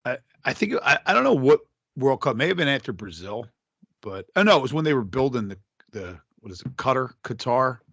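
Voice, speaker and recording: A man's voice: medium pitch, big pitch swings, brisk, creaky, a bit bright, slightly rough, dry recording. A man in a casual podcast chat, hesitant and full of ums, swearing freely. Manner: hesitant, lots of ums, profane. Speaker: podcast co-host.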